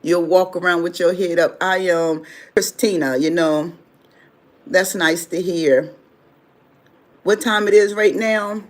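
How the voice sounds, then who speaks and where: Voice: medium pitch, fairly even intonation, slow, pauses often. A livestream host chats casually with viewers. The speech is loose and rambling, full of repeated phrases and everyday advice. The tone stays conversational rather than scripted. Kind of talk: casual livestream talk answering viewer chat.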